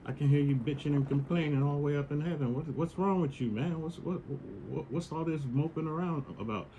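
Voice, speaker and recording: Man doing a gruff, impatient God, coach energy, pitched up. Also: brisk, mellow, a little hiss or hum, natural voice. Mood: exasperated. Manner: blunt, impatient, slangy. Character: exasperated male God giving a tough-love pep talk.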